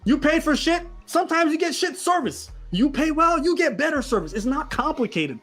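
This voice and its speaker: A man's voice: very high voice, big pitch swings, moderate pace, a bit bright, faint music behind. A man giving blunt, mocking commentary full of crude slang, reacting heatedly to a video.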